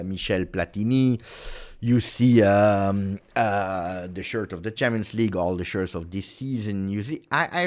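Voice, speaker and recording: A middle-aged man with an Italian accent, hosting a casual football chat with viewers and often repeating phrases for emphasis. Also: fairly low pitch. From Italy. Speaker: football channel host.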